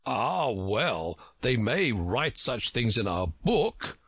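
Male reader doing a pompous, touchy egg, drawn-out and huffy, gravel in the voice, swooping pitch. Storybook. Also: huge pitch swings, a bit bright, no echo, clean studio sound, heavily acted. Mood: grand. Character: pompous touchy egg-shaped man on a wall. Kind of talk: storybook reading.

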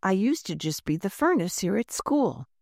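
A woman's voice: medium pitch, very animated, normal speed, creaky, a little mellow, dry recording, studio quality. A woman voicing a cheerful, proud male furnace machine that has become a baker, in a storybook reading.

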